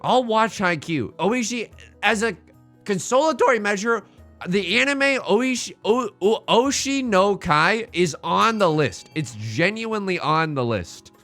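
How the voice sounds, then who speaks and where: A young man streaming a game live, excitable and joking as he reads the game text aloud to his chat. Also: sits high, measured pace, faint music behind.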